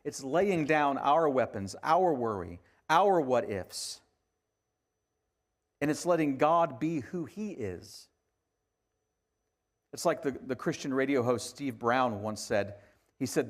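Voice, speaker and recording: A man delivering a sermon as a pastor, talking conversationally and swinging from hushed, quiet lines to emphatic ones. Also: medium pitch, lively intonation, slow, pauses often.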